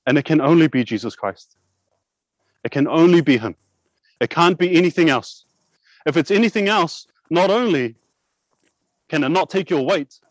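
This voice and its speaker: A young man preaching a sermon, asking rhetorical questions, repeating words and slowing down to press key points. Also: a little high, no room sound, rough recording. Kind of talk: sermon with props.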